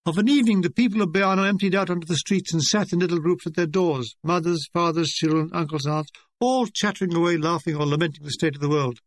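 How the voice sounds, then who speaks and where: Wry high-voiced older man narrating. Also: quick pace, dry recording. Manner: wry, deadpan comic delivery. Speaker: author reading his memoir. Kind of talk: audiobook narration.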